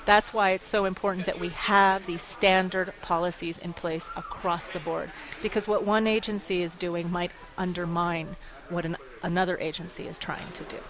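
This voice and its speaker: A woman running an advocacy group, speaking in a radio interview with lively storytelling and frequent laughs. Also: lowish voice, moderate pace, few pauses, crowd noise, rough recording. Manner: animated storytelling, quotes others, laughs often. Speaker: executive director of an advocacy group.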